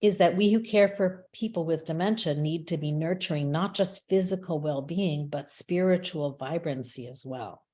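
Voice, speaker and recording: Woman, low voice, measured reflective reading, webinar talk. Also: warm tone. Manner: measured, reflective delivery with small restarts. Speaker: rabbi and chaplain speaker. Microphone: webinar microphone.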